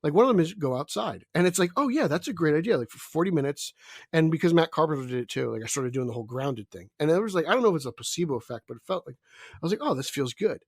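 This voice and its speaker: A man's voice: a little high, animated, rapid-fire, dry recording, studio quality. A young man talking casually as a podcast co-host, rambling with many fillers and stammered restarts. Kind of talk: casual chat.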